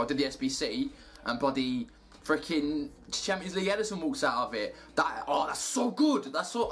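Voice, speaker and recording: A young man giving casual commentary over gameplay, muttering to himself and cheering loudly at good results. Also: medium pitch. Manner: excitable, shouts and cheers at good packs. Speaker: gaming YouTuber.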